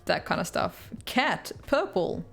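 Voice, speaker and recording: A woman's voice: fairly low pitch, sing-song, takes it slowly, creaky, fairly bright tone, faint music behind. A young Australian woman chatting on a live stream, answering viewer comments and laughing often. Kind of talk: casual live-stream chat. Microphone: headphones with mic.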